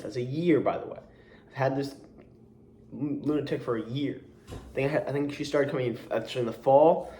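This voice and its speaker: A man's voice: mid-range voice, normal speed, mellow. Rambling young man in a roomy echo. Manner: rambling, many restarts and asides, exasperated. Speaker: camp coach and counselor. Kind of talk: casual storytelling vlog.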